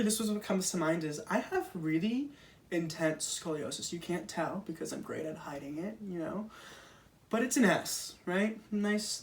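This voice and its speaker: A young stand-up comedian delivers a casual monologue, chatty and self-deprecating, packed with fillers. His voice is high, and he sounds far from the mic.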